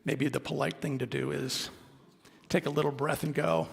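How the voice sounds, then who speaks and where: A man's voice: mid-range voice, fairly even intonation, normal speed, vocal fry, slightly rough. Earnest man preaching in a reverberant hall. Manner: earnest, conversational preaching with asides. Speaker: minister. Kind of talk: sermon. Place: sanctuary of a congregation. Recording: long reverb of a worship hall.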